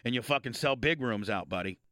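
A man hosting a radio show, trading loud, profane, riffing banter with his guest. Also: mid-range voice, animated, fairly quick, no room sound. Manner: loud, profane, riffing with mock gambler talk.

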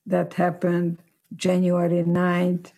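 A woman in her nineties, a guest telling her life story slowly and reflectively. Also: on the low side, completely flat delivery, a crowd in the background. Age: 90s.

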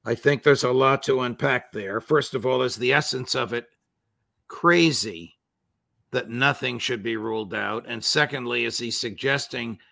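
A man's voice: medium pitch, vocal fry, bright, forceful tone, dry recording, clean studio sound. An older man hosting an interview in a formal, courteous manner. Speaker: host.

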